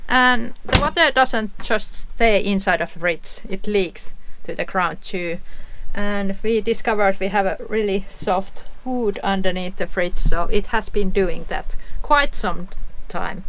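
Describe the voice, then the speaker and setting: Bright-voiced woman vlogging from the road. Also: medium pitch, a little hiss or hum. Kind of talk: casual vlog narration. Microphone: camera mic.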